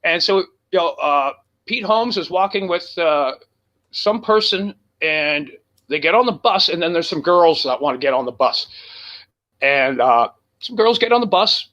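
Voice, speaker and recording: A man telling a profane, animated road story as a guest on a casual talk show. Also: fairly high pitch, a little slow, dull audio. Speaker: guest musician.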